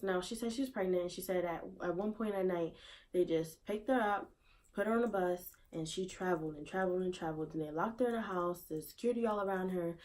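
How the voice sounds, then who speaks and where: In a casual vlog, a woman whose mid-range voice is a little mellow gives her take, using fillers as she talks. She keeps asking the same rhetorical questions, clearly in disbelief.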